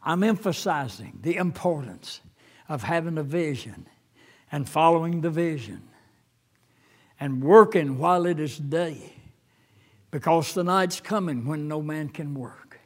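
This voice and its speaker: An older man preaching a sermon as a pastor, halting with fillers, then rising fervently when he quotes scripture. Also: on the high side, lively intonation.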